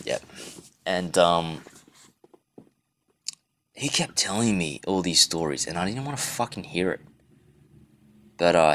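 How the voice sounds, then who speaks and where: A man with a somewhat low voice delivers a self-recorded monologue. He rambles and swears freely, often stopping and restarting his sentences. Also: fairly bright tone. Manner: rambling, profane, with frequent restarts. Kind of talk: casual monologue rant. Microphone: self-recorded device.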